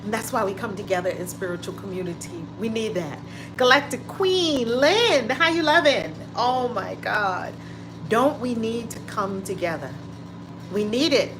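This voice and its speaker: A livestream host with a slightly high voice talks at normal speed from her home, where the window is open. She greets viewers by name, exclaiming often, and the audio is noisy.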